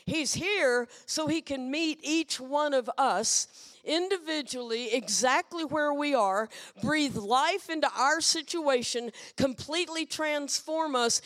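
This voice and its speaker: A woman guest preacher giving a lively, playful sermon and asking the congregation questions. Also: high-pitched, takes it slowly, big-room sound. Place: church sanctuary.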